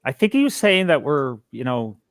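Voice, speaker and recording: A man's voice: mid-range voice, very animated, normal speed, no room sound, clean studio sound. A man co-hosting a live show, blunt and profane, often stumbling into restarts. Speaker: podcast co-host. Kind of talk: casual live-stream chat.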